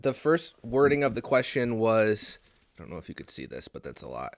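A man co-hosting a casual trivia game who gets excitable, protests loudly and swears a lot. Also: on the low side, a little fast, dry recording. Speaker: co-host.

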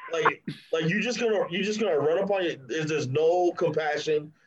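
A man's voice: on the high side, normal speed, dull audio, noisy background. Slangy, mocking male podcast co-host. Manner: animated, mocking, laughs often, slangy. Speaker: podcast co-host reviewing a TV episode. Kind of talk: casual review chat.

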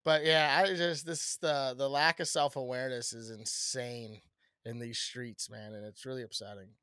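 A man's voice: medium pitch, moderate pace, smooth, no room sound. Young man telling a story, dry close mic. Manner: animated storyteller, swears a lot. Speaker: podcast co-host. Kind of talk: casual chat.

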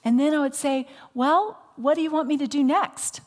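A woman pastor preaching a sermon, telling a story with animation and dropping into soft, whispered appeals. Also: high-pitched, normal speed, long reverb tail. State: recovering from voice loss.

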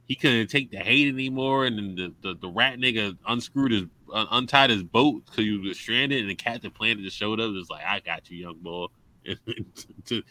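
A man co-hosting a casual roundtable podcast, telling animated stories and acting out lines as he goes. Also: medium pitch, low-quality recording. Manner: animated storytelling, often acting out quotes. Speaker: podcast co-host.

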